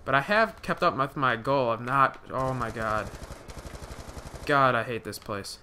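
A young man gives live gameplay commentary in a medium-pitched, slightly slow voice that sounds pushed and bright, with a little hiss or hum. He rambles, using lots of fillers and restarts, and swears when something startles him.

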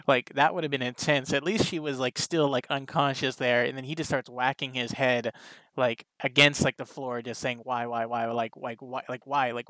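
A man's voice: medium pitch, a bit bright, no room sound. A man reviewing an anime episode in casual, rambling talk, full of "like" and restarts. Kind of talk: casual reaction commentary.

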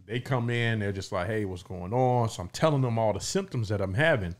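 A man's voice: fairly low pitch, brisk. A middle-aged man co-hosting a podcast, telling his story in a loose, casual way with the odd swear. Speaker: podcast co-host.

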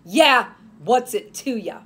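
A woman's voice: on the high side, big pitch swings, normal speed, a little mellow, a little hiss or hum. Woman voicing a sneering male thug. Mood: menacing. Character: menacing male street criminal, bullying.

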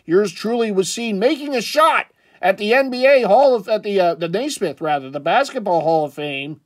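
A man's voice: high-pitched, expressive, moderate pace. A man casually commenting on sports jerseys in a chatty, rambling way, with jokey asides. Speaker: sports jersey collector vlogger.

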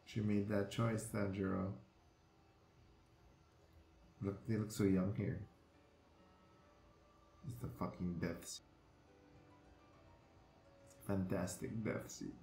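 A man with a low, gravelly voice talks slowly and swears freely as he reacts live to an anime. He exclaims at the screen with plenty of excitement. The sound is roomy and echoey, with faint music behind him.

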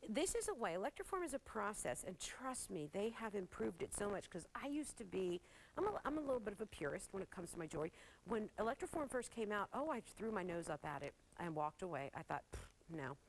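A woman's voice: mid-range voice, very animated, fast talker, slight background noise, poor audio. Gushing woman selling jewelry on TV. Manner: gushing, chatty, laughs often. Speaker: shopping channel host. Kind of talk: live TV sales presentation. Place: TV studio.

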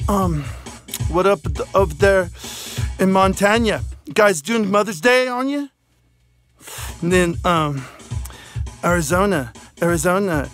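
Silly high-voiced male vlogger, loose and rambling, phone mic, soft guitar under. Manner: goofy, rambling, silly shout-outs. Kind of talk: rambling comedic vlog.

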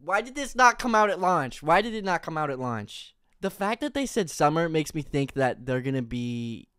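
A young man reacting live on a stream, excitable and rambling, out of breath with enthusiasm and breaking into loud bursts. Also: fairly high pitch, normal speed, clean tone, dry recording, clean studio sound.

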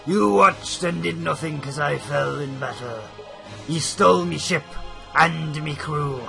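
A man voicing a menacing male undead pirate overlord in a deep pirate voice, reading game dialogue. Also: a little slow, creaky, bright, forceful tone, faint music behind, full character voice.

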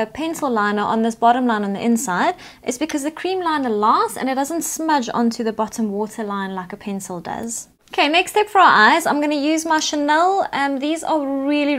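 Female beauty vlogger, bright high voice, chatty and instructive. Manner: chatty, instructive, talks through each step. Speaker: makeup tutorial host. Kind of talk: step-by-step makeup tutorial narration.

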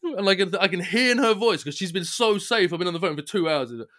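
A man tells a story on a podcast, ranting as he goes. His voice sits a touch higher than most men's, and he slips into impressions of the people in the story. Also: animated, fast, a bit bright. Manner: rants, mimics the people on the call. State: unwell. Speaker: podcast co-host. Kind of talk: casual chat, animated storytelling.

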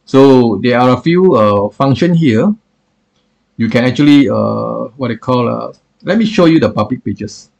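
A man demoing software on screen in a halting way, with lots of fillers like "what I call". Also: medium pitch, expressive, gravelly, muffled recording. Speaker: software reviewer. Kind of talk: screen-recorded software demo.

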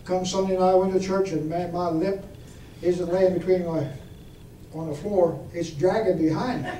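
Male preacher, high mellow voice, folksy testimony, recorded from a distance in an echoey church. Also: steady tone, normal speed. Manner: folksy testimony with audience questions. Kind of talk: storytelling sermon. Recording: echoey room from far off, faint noise.

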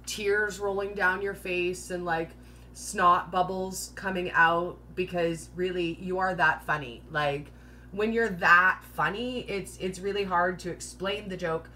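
A woman's voice: fairly low pitch, steady tone, unhurried, pushed and bright, slight background noise. A woman hosting a casual live-stream Q&A, chatty and joking, often laughing at her own jokes and using 'like' a lot. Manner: filler-heavy, says 'like' constantly. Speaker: host of a live keto Q&A.

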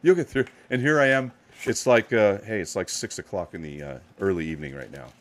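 A middle-aged man hosting a live card-opening stream, giving upbeat, hyped shout-outs to chat viewers while a little tired. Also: sits low, very animated, a little fast. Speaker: live card-break host.

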